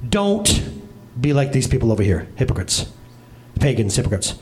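A man's voice: a little high, big pitch swings, fairly quick, darkish tone. A man preaching a casual, joking sermon as a pastor, chatting with his congregation by name and with viewers online. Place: church service with congregation and livestream.

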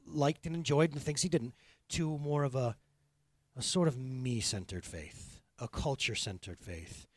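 A man's voice: medium pitch, no echo. A middle-aged man preaching a sermon as pastor, earnest and conversational, building to impassioned.

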